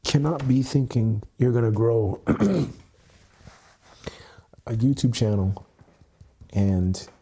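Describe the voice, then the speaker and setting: Speaking slowly with long pauses, a man with a mid-range, mellow, slightly rough voice addresses his webcam on a livestream. The content creator is doing EFT tapping by himself, swearing openly and repeating himself. He sounds earnest and emotional as he works through his feelings.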